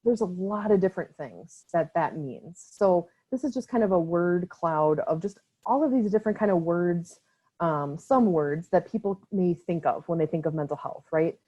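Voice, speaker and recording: A woman's voice: lowish voice, lively intonation, normal speed, warm tone, breathy edge. Give me a Wisconsin woman with an Upper Midwest accent, presenting casually. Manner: casual, filler-heavy, often tags "right?". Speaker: presenter for a mental health nonprofit. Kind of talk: online training presentation. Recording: slightly dull lo-fi call audio.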